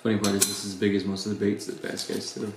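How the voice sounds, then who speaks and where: Low-voiced man chiming in casually. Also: racing. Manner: relaxed, agreeable, chimes in with short remarks. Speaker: co-host. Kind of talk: casual unboxing chat. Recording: echoey room with faint background noise.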